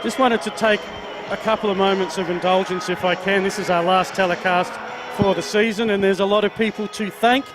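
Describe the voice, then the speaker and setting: A man with a notably high-pitched voice, working as a sports commentator. He talks in a steady, measured way, reading through long lists of names. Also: a crowd in the background, background noise. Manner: measured, listing thank-yous. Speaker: play-by-play commentator.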